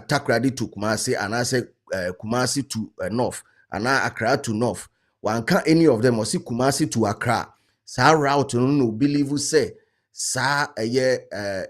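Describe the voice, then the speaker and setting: A Ghanaian man hosting an online talk show, his pitch right in the middle of the range. He sounds subdued and halting, working through many fillers and restarts as he comments. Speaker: host. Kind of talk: casual commentary.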